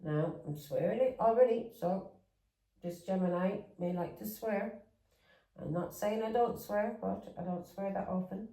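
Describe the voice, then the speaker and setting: A woman's voice: mid-range voice, measured pace, mellow, roomy sound, recorded from a distance, poor audio. A woman giving a casual tarot reading, chatty and plain-spoken, often checking in with her listener. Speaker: tarot reader.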